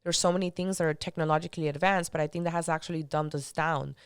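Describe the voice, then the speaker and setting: A woman on a podcast speaking bluntly and heatedly, with a fair share of swearing. Her voice sits on the low side, smooth and full. The sound is dry and close. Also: fairly even intonation, fast talker, no echo. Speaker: podcast guest. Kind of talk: casual podcast conversation.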